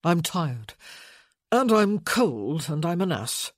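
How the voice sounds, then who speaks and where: A woman's voice: on the low side, very animated, slow pace, dry recording, studio quality, exaggerated voice. A woman voicing a weary, brooding young nobleman in an audiobook, speaking curtly and coolly. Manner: curt, cool.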